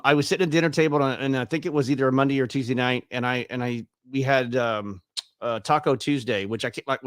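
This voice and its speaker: A man's voice: medium pitch, no echo, clean studio sound. A man in his fifties telling his own story as an interview guest, chatty and acting out the dialogue he quotes. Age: 50s. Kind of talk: casual personal storytelling.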